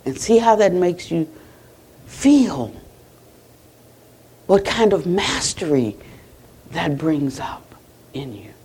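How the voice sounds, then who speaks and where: An American woman Buddhist teacher giving a conversational dharma talk at a retreat center, retelling conversations and closing with a soft blessing. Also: lowish voice, big pitch swings, slow pace, pauses often, slightly rough.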